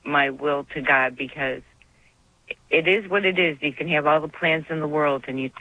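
A woman's voice: sits low, moderate pace, no room sound. A woman phones in to a radio program and speaks in an earnest, emotional, devout way. The line is dull and muffled with a dry, close sound. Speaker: caller. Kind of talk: call-in radio conversation.

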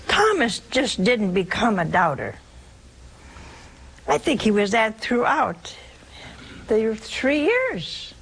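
A woman's voice: a little high, very animated, measured pace, a bit bright, slight background noise. A woman preaching a sermon in a folksy, humorous way, speaking directly to her listeners. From Italian family background.

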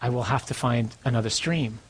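A man voicing a frightened, thirsty little girl in a story he retells from the pulpit, speaking slowly and hesitantly. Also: medium pitch, husky, close to an everyday voice.

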